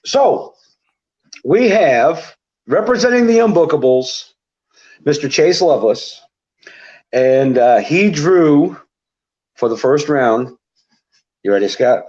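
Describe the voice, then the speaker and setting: A man's voice: a little high, animated, takes it slowly, pauses often, darkish tone, dull audio. A man who is a wrestling referee, a guest in a casual interview, upbeat and announcer-like when giving event details.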